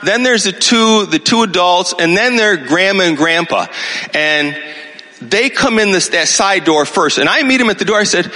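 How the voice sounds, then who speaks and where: A man in his sixties gives a sermon, telling his story with lively swings in pitch and checking that listeners follow him. His voice is bright and forceful. A long reverb hangs on every phrase, as in a large hall. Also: normal speed. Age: 60s. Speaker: pastor.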